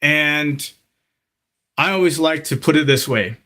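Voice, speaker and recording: A man's voice: fairly high pitch, a little slow, sharp tone. Man giving a storytelling cooking lesson. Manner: storytelling, direct address with frequent "okay?" and "you know". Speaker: culinary instructor. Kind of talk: live teaching talk.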